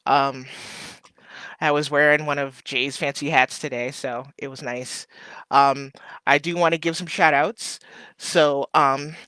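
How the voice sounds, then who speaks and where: A small business owner hosts a casual live stream in a rambling, heartfelt way, full of ums and thank-yous. The voice is bright and now and then jumps into a high playful squeal. The sound is dry and close. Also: steady tone, unhurried, clear, resonant tone, no echo. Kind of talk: casual livestream chat to viewers.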